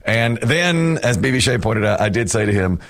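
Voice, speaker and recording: A man's voice: mid-range voice, animated, normal speed, a bit bright. A man hosting a morning radio show, telling stories in a rambling, chatty way. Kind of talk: casual morning show chat.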